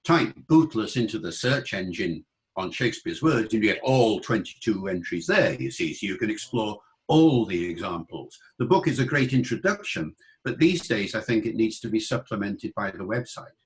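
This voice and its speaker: Older British man explaining with lively demonstrations. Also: fairly low pitch, moderate pace, low-quality recording. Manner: explanatory, demonstrates accents by voicing examples. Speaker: linguist guest. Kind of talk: interview conversation.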